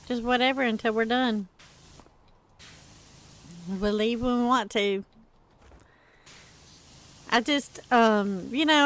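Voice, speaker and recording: Middle-aged woman, stream host, chatty and quick to laugh at herself; higher voice. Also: fairly bright tone. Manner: laughs often, chatty, self-mocking. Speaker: livestream gaming host. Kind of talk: casual storytelling chat with viewers.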